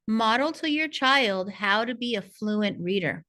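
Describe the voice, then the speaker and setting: Slow, patient woman reading coach. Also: on the high side, sharp tone. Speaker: reading coach presenting a parent workshop. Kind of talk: scripted instructional narration.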